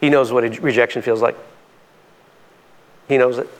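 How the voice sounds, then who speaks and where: A pastor preaching a sermon in a conversational, emphatic way, his voice climbing high on key points. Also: steady tone, normal speed.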